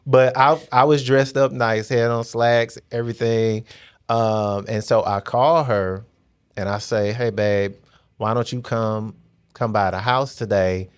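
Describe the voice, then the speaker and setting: A man's voice: mid-range voice, fairly even intonation, unhurried, clean tone. A middle-aged man casually telling how he proposed, in a playful, joking way. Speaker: co-host telling his proposal story. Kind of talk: casual chat.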